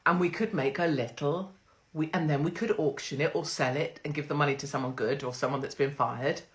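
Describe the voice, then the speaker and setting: A woman's voice: low-pitched, steady tone, a little fast. A middle-aged woman, hosting a crude, sarcastic livestream monologue from home on her phone. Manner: brash, crude, sarcastic, swears freely. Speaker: livestream host.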